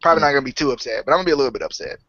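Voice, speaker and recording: A man's voice: medium pitch, rapid-fire, a bit bright, dry recording. A man co-hosting a podcast, chatting in a hesitant, jokey, self-deprecating way. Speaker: podcast co-host. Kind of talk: casual podcast chat. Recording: dry, dull lo-fi audio.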